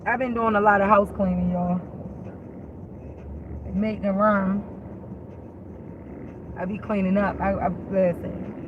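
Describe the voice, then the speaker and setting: A woman's voice: medium pitch, fairly even intonation, slow, long pauses, phone-quality sound, background noise. A woman chatting casually to her viewers, blunt, emphatic and full of profanity. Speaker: vlogger.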